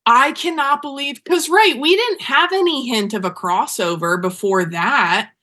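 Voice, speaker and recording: A woman co-hosting a casual book podcast, gushing and excitable as she reacts to the story. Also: high-pitched. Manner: excitable, gushing, quick bursts of enthusiasm. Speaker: podcast co-host.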